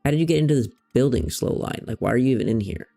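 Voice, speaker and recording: A man's voice: mid-range voice, very fast, creaky, mellow, faint music behind. A man streaming a game, chatting playfully through casual let's-play commentary and stopping to talk to his pet cat.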